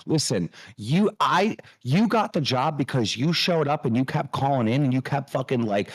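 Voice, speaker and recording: A man hosting a livestream, scolding and mocking a co-host in a loud, profane rant. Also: medium pitch, expressive, normal speed, few pauses. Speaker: show host.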